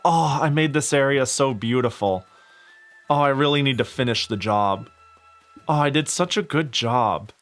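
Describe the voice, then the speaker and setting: A young man chatting casually while streaming a game, rambling and animated, laughing often and swearing freely. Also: mid-range voice. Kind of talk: casual gaming stream chat.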